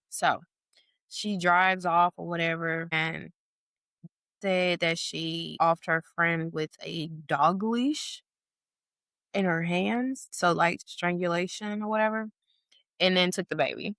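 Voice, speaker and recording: Speaking at a slow pace, this woman co-hosts a podcast and spins a story in relaxed chat, leaning hard on "like" and "or whatever." She acts out quoted lines in a high voice with lively storytelling energy. The sound is studio-clean with no room echo.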